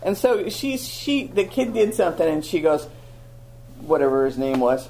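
Lively woman teaching Bible lessons. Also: deep voice, moderate pace, gravelly, slight background noise, low-quality recording. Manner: animated storytelling with self-mocking humor. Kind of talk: teaching talk to a live audience.

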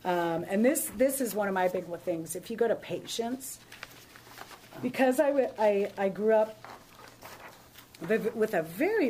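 A woman pastor leading a Bible study, telling stories and acting out dialogue with lively shifts in voice. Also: fairly low pitch, slight background noise. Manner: animated storyteller, acts out dialogue.

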